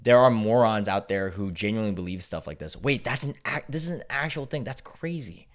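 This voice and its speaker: A man's voice: lowish voice, animated, fairly quick. A man hosts a casual reaction video, reading online posts aloud and mocking them. He talks sarcastically, breaks into laughter often and swears freely. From United States.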